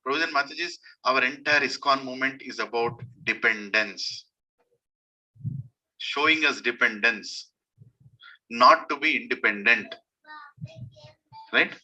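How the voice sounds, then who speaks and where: A man's voice: unhurried, long pauses, bright, forceful tone, low-quality recording. A man giving a devotional sermon, telling a story and asking his listeners rhetorical questions. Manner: acts out quoted voices, rising high and emotional. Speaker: speaker at a scripture study gathering.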